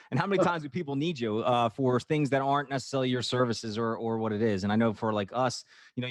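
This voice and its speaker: A man's voice: on the low side, dry recording. A man with a Northeast Philadelphia accent co-hosting a business podcast in casual chat, rambling and repeating words as he talks. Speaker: podcast co-host.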